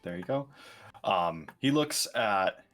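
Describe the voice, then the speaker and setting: Animated man player narrating his moves. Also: low voice, slow, soft background music. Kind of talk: casual tabletop play.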